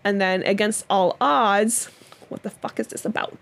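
A young woman co-hosting a podcast in casual chat, talking loosely with many fillers and quick laughs. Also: medium pitch, lively intonation. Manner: chatty, lots of fillers and laughs. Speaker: podcast co-host.

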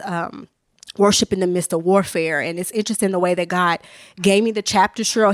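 A woman's voice: fairly low pitch, no room sound, studio quality. A woman speaks earnestly and emotionally as a podcast guest, sharing her faith testimony in a casual, candid way with many restarts. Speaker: author and minister, podcast guest. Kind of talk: candid personal testimony in conversation.

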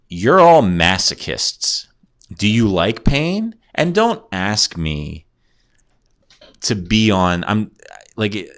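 A man's voice: low voice, fairly bright tone. A man hosting a comedy podcast, rambling through sarcastic, profane stories off loose notes. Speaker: podcast host. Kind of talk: casual comedic monologue.

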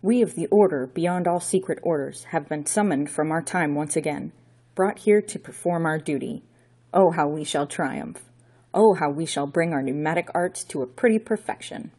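A woman's voice: low-pitched, moderate pace, a little mellow, breathy edge. A woman voicing a gaunt, sinister bearded male villain count, speaking in a grandiose, pompous, arrogant manner.

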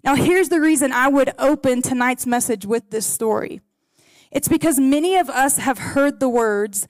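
A woman preaches to a congregation, telling stories and reading scripture in an earnest, heartfelt way. Her voice sits high and bright in pitch. The sound is dry and close, with little room echo. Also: a little slow. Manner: earnest, storytelling, prays softly. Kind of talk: sermon to a congregation. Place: in a room with a gathered audience.

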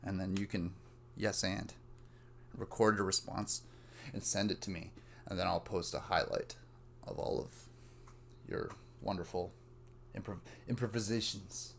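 A man's voice: sits low, steady tone, measured pace, creaky, pauses often, slight background noise. A young man hosting a solo podcast, talking casually in a meandering stream of consciousness and swearing freely. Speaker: podcast host. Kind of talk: rambling solo podcast monologue.

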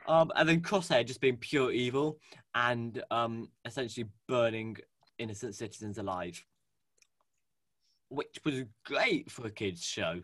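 A man co-hosting a casual fan chat, animated and gushing, with lots of fillers and restarts. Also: medium pitch, unhurried, no echo, studio quality. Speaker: podcast co-host. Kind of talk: casual fan chat about a cartoon series.

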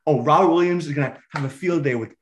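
A man's voice: fairly high pitch, fast, a little hiss or hum. A young man co-hosting a sports podcast, a hyped, trash-talking fan in casual chat. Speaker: podcast co-host.

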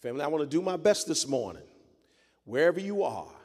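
A man's voice: a little high, big pitch swings, a little fast, darkish tone. A male pastor delivering a dramatic sermon, emphatic and repeating phrases for effect. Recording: long hall reverb.

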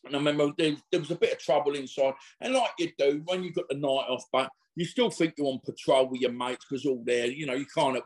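A middle-aged man, appearing as an interview guest, tells casual anecdotes in a rambling, slangy style. He keeps stopping and restarting, acting out what other people said. His voice is a bit higher than most men's.

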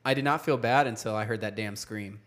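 A man's voice: on the low side, brisk. Man telling a story in a casual chat. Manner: animated storytelling, lots of profanity and laughter. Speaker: podcast co-host.

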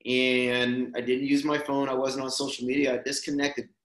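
A man's voice: mid-range voice, normal speed. Laid-back man telling a story, roomy sound. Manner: relaxed, rambling, peppers speech with "man" and "dude". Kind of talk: casual personal storytelling. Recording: roomy echo.

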